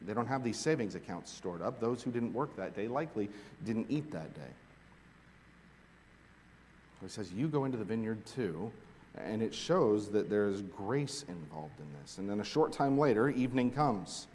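A man preaching a sermon, reading scripture aloud and explaining it, swinging from hushed asides to loud, emphatic points. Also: fairly low pitch, animated, moderate pace, slight background noise. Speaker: pastor. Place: large hall with long reverb. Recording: echoey hall recording.

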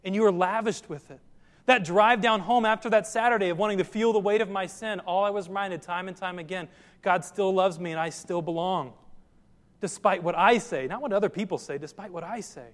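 A man's voice: high voice, steady tone, fairly quick, in a large hall. A man preaching a sermon as pastor, earnest and direct, often putting questions to his listeners.

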